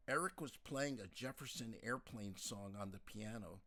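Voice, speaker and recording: A man narrating a novel as an audiobook, in a calm, measured storytelling manner. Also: medium pitch.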